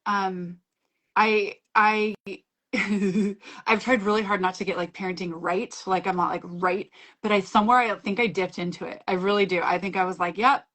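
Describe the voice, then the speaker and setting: A woman's voice: medium pitch, fairly even intonation, normal speed, a bit bright. Chatty woman on a video call. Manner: chatty, acts out her own quoted dialogue, laughs often. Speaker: class facilitator. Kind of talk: casual video-call conversation.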